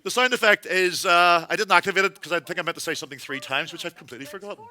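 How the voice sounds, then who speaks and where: Bright, wry man telling a stage story. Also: high-pitched, racing. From Northern Ireland. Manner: wry storytelling that climbs into panicked shouting. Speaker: solo theatre performer. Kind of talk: one-man stage show monologue. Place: theatre stage.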